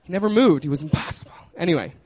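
A man's voice: a little high, lively intonation, rapid-fire, a little mellow. A man casually telling a personal story, laughing often and trailing off with fillers.

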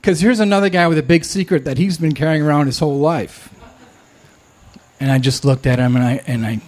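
A man telling a true personal story, candid and self-deprecating, often pausing and restarting. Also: on the high side, a little mellow.

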